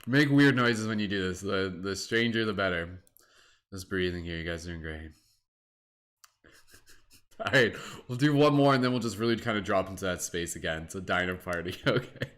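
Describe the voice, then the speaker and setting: A man's voice: sits low, moderate pace, a bit bright. A young Canadian man hosting a live-streamed guided meditation, chatty and giggly, with many fillers. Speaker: meditation host.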